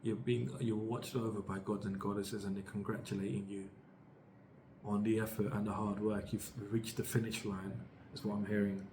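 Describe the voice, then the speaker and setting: A British man with a low voice gives a casual tarot reading, rambling and upbeat as he restarts his sentences. His pitch stays fairly flat, and faint noise hums under the recording. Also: normal speed. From United Kingdom. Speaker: tarot reader.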